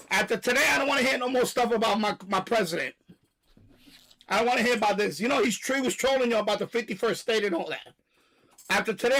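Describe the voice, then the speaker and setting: A man hosting a live stream, delivering a loud, profane, repetitive rant and stopping now and then to catch his breath. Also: high voice, low-quality recording. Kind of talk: ranting live stream monologue.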